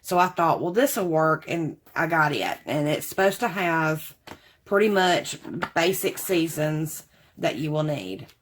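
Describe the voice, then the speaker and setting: Chatty woman, lowish voice. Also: expressive, a little slow, slight background noise. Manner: chatty, rambling, addresses viewers as y'all. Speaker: craft haul vlogger. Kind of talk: casual chat to camera.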